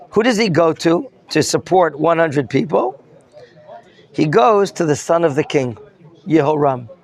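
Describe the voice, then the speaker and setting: A man's voice: on the high side, vocal fry. A man teaching a Torah lesson as a rabbi, questioning his students and mixing in Hebrew terms. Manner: questions the students and prompts answers.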